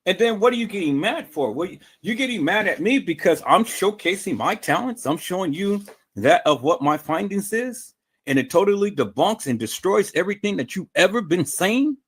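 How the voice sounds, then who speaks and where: Fired-up guy ranting on his livestream, aave, voice swings all over, kinda high for a man. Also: animated, moderate pace, fairly bright tone, husky. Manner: angry, profane, repetitive, confrontational. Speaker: livestream host. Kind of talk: heated livestream rant.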